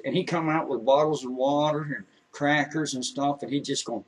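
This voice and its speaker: Husky man telling a story with many restarts. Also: a little high, steady tone, distant mic, rough recording. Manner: earnest, halting, with many restarts. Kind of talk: emotional personal storytelling.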